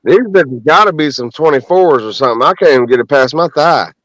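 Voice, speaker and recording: A man's voice: on the high side, fairly quick, fairly bright tone, no room sound, poor audio. A man in casual chat, telling crude, laughing stories with lots of swearing.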